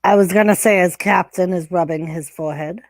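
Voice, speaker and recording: A woman's voice: on the low side, a little fast, no echo, clean studio sound. A woman hosting a casual livestream chat, crude and teasing, laughing often. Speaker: livestream host.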